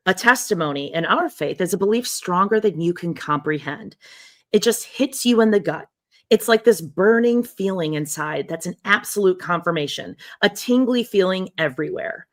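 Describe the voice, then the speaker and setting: A woman co-hosting a podcast, reading a memoir aloud in a soft, lowered voice and breaking off for blunt, casual comments. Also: animated, normal speed.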